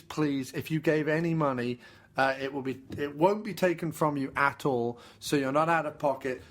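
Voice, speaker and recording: A man's voice: medium pitch, a bit bright. A man co-hosting a casual film podcast, talking enthusiastically with lots of "uh" fillers and repeated pleas. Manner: enthusiastic, pleading, frequent fillers. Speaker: podcast co-host.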